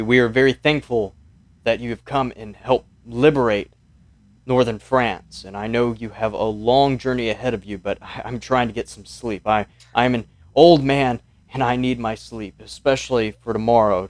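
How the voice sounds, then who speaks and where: A man's voice: mid-range voice, fairly even intonation, moderate pace, no echo, lightly acted. A man playing a tired old village mayor. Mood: weary polite. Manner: weary, polite, apologetic.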